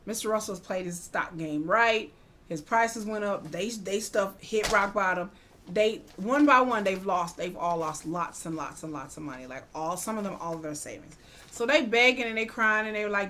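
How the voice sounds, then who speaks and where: A young adult woman giving a casual, animated TV episode recap in slangy talk, acting out what the characters say. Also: mid-range voice, moderate pace, slight background noise. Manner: animated, slangy retelling with acted-out quotes. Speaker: TV recap vlogger.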